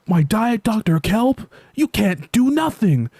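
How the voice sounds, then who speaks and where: A rude cartoon customer yells and swears in a high, loud, strained voice, as a man puts him on. The delivery is abusive and slow, pitched far above a low male voice, in a dry setting. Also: very animated, no echo, heavily acted. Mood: furious. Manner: abusive, yelling.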